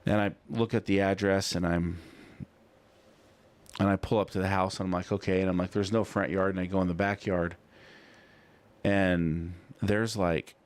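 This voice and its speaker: A man's voice: low voice, flat delivery, normal speed, long pauses. A man co-hosting a podcast in a small studio, chatting casually and spinning a rambling story full of "you know" and "I'm like". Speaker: podcast co-host. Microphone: studio mic.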